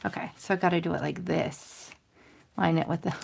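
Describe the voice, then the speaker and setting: A woman in her thirties hosts a casual crafting livestream, chatting to viewers while stamping and coloring, rambling and self-deprecating. She talks a little fast in a lowish, husky voice that is creaky and a little mellow.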